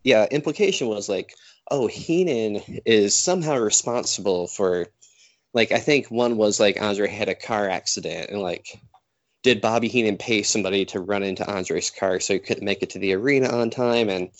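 A podcast host retelling a story casually and animatedly, full of likes, on a close mic. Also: male voice, lowish voice, moderate pace, no room sound.

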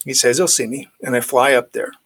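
Husky man telling his recovery story. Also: mid-range voice, fairly quick. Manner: animated storytelling, acts out quoted dialogue. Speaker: guest.

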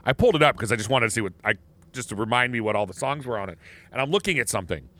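A man's voice: medium pitch, animated, very fast, bright, forceful tone. A man co-hosting a podcast in casual chat, rambling and restarting his sentences often. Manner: rambling, with many false starts. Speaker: podcast co-host.

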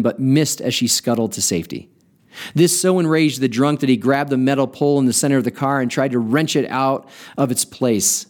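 A podcast host reading a story aloud in an expressive storytelling manner. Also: male voice, mid-range voice.

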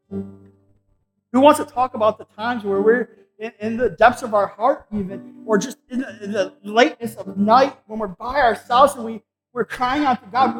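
A pastor preaching in a large, echoey church with faint instrumental music under him. His voice sits unusually high for a man, and he talks in a conversational, animated way, often checking in with a quick tag question. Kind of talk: sermon. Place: church sanctuary.

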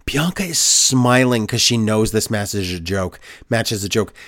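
A man's voice: lowish voice, normal speed, a bit bright. A man co-hosting a wrestling podcast, recapping the show in a sarcastic, exasperated way. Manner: sarcastic, exasperated, mocks the booking with put-on quotes. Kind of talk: casual podcast chat.

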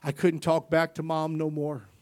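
Preacher man, hushed to shouting. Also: on the high side, monotone, moderate pace. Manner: testimony that swells from hushed to loud emphatic preaching; punctuates with frequent "amen". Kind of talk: sermon.

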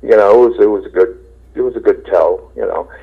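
Over a tinny phone line, a middle-aged rock singer tells rambling, laid-back stories full of swearing in a casual interview, acting out the quotes. His fairly low voice is husky with vocal fry, and he talks a little fast.

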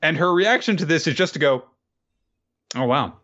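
A man's voice: fairly high pitch, lively intonation, normal speed, sharp tone, lo-fi sound. A man casually chatting with a co-host about an anime, adding wry comments. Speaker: podcast co-host. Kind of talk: casual anime recap chat.

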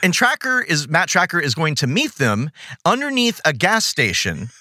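A man's voice: fairly high pitch, big pitch swings, moderate pace, bright, forceful tone, dry recording. A man hosting a podcast in casual, jokey chat with theatrical asides, recorded close on a dry mic. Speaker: podcast host.

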